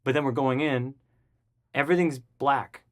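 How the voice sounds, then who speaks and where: A man guest in an interview, telling a story casually and acting out the voices of the people in it. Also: normal speed. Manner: animated, acts out the voices of people in his story; jumps high and loud when excited.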